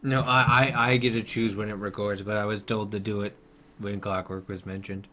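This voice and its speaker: A man's voice: fairly low pitch, little pitch movement, moderate pace, sharp tone. A man voicing a guilt-ridden middle-aged inventor father who pleads and apologizes. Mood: pleading.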